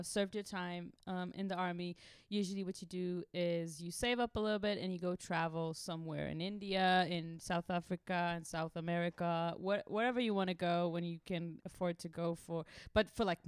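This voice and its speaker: A woman's voice: on the low side, smooth, no room sound, clean studio sound. A young woman from Israel, a podcast co-host, telling a wild travel story casually, swearing freely and laughing through it.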